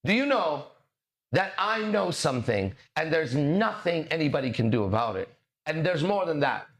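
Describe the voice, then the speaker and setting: Swaggering, animated man talking to camera. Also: a little high. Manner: swaggering, profane, preachy, with dramatic pauses. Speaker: mindset coach and podcast host. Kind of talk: podcast monologue.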